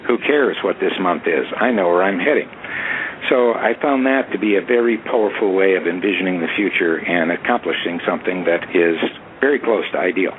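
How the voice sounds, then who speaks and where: A man's voice: low-pitched, fairly quick. A man giving motivational advice as a panel guest, emphatic and direct. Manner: emphatic, advising. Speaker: panel guest, success speaker. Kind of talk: motivational talk. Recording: tinny phone-like audio with faint hiss.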